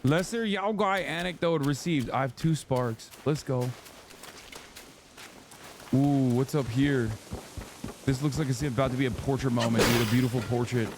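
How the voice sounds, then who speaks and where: A man's voice: mid-range voice, moderate pace, pauses often, background noise. A man in his thirties streaming a video game, chatting casually and joking with his chat. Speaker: streamer host. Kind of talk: casual gameplay commentary. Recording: voice over loud game music.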